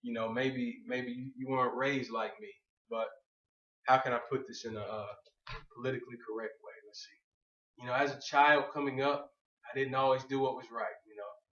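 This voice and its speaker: A man's voice: medium pitch, steady tone, moderate pace, fairly bright tone. A man gives a loose, joking faith talk to a group and wanders off on tangents. His voice is heard from a distance in an echoey room. The sound is dull. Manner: keeps saying "you know what I'm saying". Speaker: speaker on faith. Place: room with an audience.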